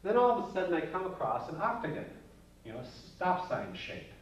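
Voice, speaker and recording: A man's voice: sits high, very animated, a little fast. A man teaching a psychology lecture in a folksy, joking way, with playful asides. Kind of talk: recorded classroom lecture. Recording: roomy, distant, dull lo-fi with faint hiss.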